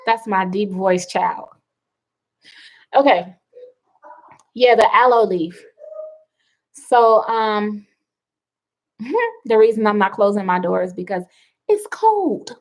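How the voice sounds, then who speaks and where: A woman's voice: mid-range voice, takes it slowly, pauses often, low-quality recording. A middle-aged woman hosting a wellness livestream, chatting casually and reading out viewer comments with rambling asides.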